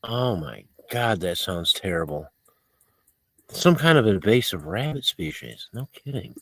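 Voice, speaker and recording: A man hosts a casual livestream, his pitch swinging up and down as he talks. He rambles, mocks himself and chuckles often. His voice is close and dry, with no room sound. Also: lively intonation, measured pace, a bit bright, no echo. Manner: rambling and self-mocking, with frequent laughs and fillers. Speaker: livestream host. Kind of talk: casual chat, reading out viewer comments.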